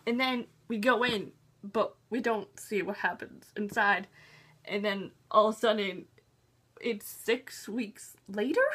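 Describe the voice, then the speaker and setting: A young woman vlogger giving an excited fan recap of a TV episode, gushing and acting out scenes as she goes. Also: a little high, breathy edge. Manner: gushing, animated, acts out scenes with "I'm just like".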